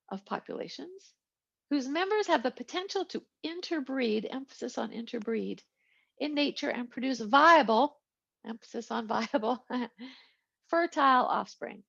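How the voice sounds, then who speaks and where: Gravelly-voiced woman giving a lecture. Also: high-pitched, fairly bright tone. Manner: chatty, digressive lecturing with asides and jokes. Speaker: biology instructor. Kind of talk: recorded lecture. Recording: lo-fi, muffled recording.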